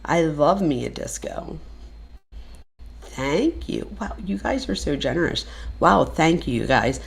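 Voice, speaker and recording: A woman hosts a live stream in a slow, unhurried way with a gravelly edge to her voice. She is effusive and chatty with her viewers. Her pitch sits on the low side. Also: lively intonation. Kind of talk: casual live stream chat.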